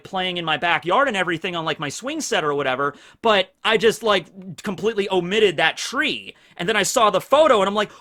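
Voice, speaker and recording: A man giving casual solo commentary on an anime, rambling with many fillers and animated asides. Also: high-pitched. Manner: rambling, full of fillers, jumps into animated voices.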